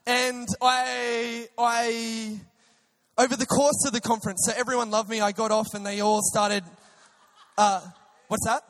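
A young man, a preacher, telling an excitable personal testimony story with many restarts. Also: very high voice, unhurried. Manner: animated, excitable, with frequent restarts.

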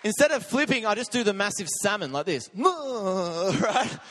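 A man preaching in a church, telling a lively story with frequent laughter. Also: sits high, moderate pace, a faint crowd. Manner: energetic storytelling, laughs often. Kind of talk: sermon. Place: church hall. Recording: long echo of a church hall.

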